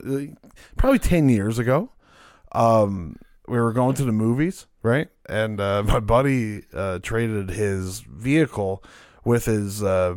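A man's voice: on the low side, no echo. Guy co-hosting a watch-along, swears a lot, voice bouncing all over, dry close sound. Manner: animated, profane storyteller. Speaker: co-host of a watch-along show. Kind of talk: casual chat.

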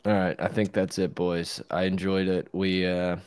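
A man with a very deep voice talks sports on a casual podcast, quick to laugh and swear. The sound is dry and close. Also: clear, resonant tone, dry recording. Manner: excitable, laughing, profane.

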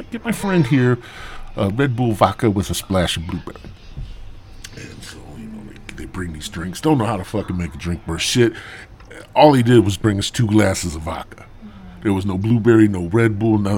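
A man's voice: lowish voice, a little mellow, a little hiss or hum. A man hosting a podcast, rambling through a crude, profane comic story in a stoned drawl. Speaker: podcast host.

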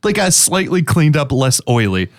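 A man's voice: fairly high pitch, sing-song, moderate pace, no echo, clean studio sound. A man co-hosting a podcast, recapping a TV episode in a casual, wry, joking way. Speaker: podcast co-host. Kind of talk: casual chat recapping a TV show.

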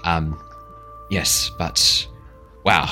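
A man's voice: deep voice, steady tone, sharp tone, faint music behind, voice pushed down, exaggerated voice. A man playing a flustered half-elf who swears. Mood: relieved. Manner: rambling, stammering, quick to curse.

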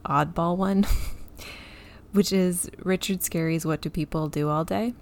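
A woman's voice: on the low side, steady tone, unhurried. A woman co-hosting a casual book chat, wry and laughing as she gives recommendations. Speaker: podcast co-host. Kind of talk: casual chat about books.

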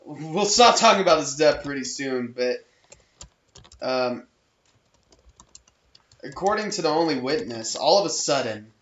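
A man's voice: fairly high pitch, animated, measured pace, long pauses, a bit bright. A man in his twenties chatting on a podcast, sharing facts he reads out. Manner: chatty, reads facts aloud, laughs often. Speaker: podcast co-host. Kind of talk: casual chat. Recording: echoey room, lo-fi podcast audio.

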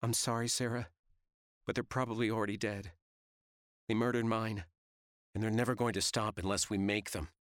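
A man's voice: fairly low pitch, fairly even intonation, normal speed, long pauses, clean tone, no echo, studio quality, pitched above the performer's own voice, natural voice. A man voicing a young woman fighter who talks in a blunt, urgent way.

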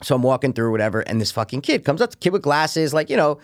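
A man's voice: medium pitch, big pitch swings, fast, no room sound, studio quality. A young man on a podcast telling a rambling, profane story in casual chat, acting out the voices of the people in it. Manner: rambling, swears a lot, acts out quoted voices.

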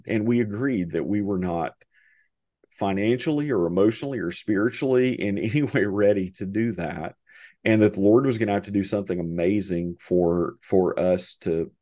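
Middle-aged man, very low voice, dry close mic; halting, heartfelt guest storyteller. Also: mellow, dry recording. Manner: halting, many restarts and fillers, emotional, laughs often. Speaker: podcast guest. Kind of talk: conversational storytelling.

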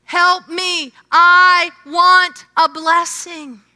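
A woman preacher voicing a desperate blind man who pleads loudly for help. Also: very high-pitched, flat delivery, very slow, pitched above the performer's own voice, full character voice. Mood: pleading. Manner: pleading, loud, raised voice. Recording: long hall reverb.

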